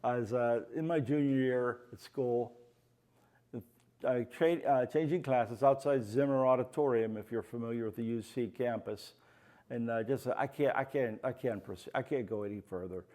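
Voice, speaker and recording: A man's voice: mid-range voice, normal speed, warm tone. Older man telling rambling gallery stories. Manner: rambling, anecdotal, many "you know" fillers; acts out quoted voices in his stories. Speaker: featured artist at a gallery talk. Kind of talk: storytelling at a live artist talk. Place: art gallery, before an audience.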